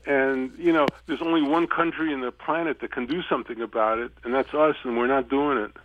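A man's voice: mid-range voice, fairly even intonation, slight background noise. A man calling into a radio show, blunt and opinionated, speeding up when he argues. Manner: blunt, opinionated, talks fast when arguing. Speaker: caller. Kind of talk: call-in radio talk. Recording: tinny phone line.

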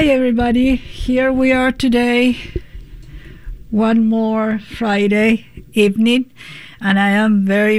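Slow-talking woman radio host. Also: fairly high pitch. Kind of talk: casual radio interview.

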